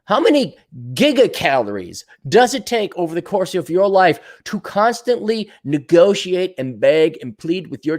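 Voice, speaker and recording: A man with a fairly high voice that swings up and down all the time. He talks bluntly, swears often and slips into quick impressions of the people he is quoting. It is an opinionated solo monologue from his own show. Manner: blunt, profane, animated, acts out quoted voices. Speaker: podcast host answering viewer comments.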